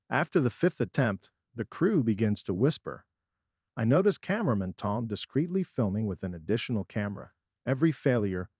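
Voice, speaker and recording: A middle-aged man narrating a first-person dramatic story in a measured, storytelling manner. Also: mid-range voice, darkish tone, husky, dry recording, clean studio sound.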